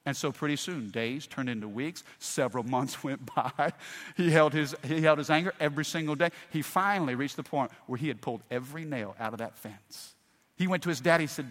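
A fairly high-voiced middle-aged man preaching to a congregation. He tells folksy stories, dropping to a hush and then rising loud. His voice rings with the long reverb of a big church hall. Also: expressive, moderate pace. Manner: folksy storytelling, swings from hushed to loud. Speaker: pastor. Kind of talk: sermon.

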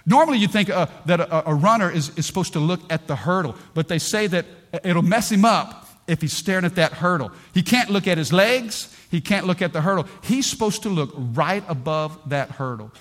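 A middle-aged man preaching a sermon in a church. He tells stories with energy, swings between loud bursts and hushed lines, and calls out to the congregation. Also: high-pitched, animated, a little fast, hardly any pauses. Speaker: pastor.

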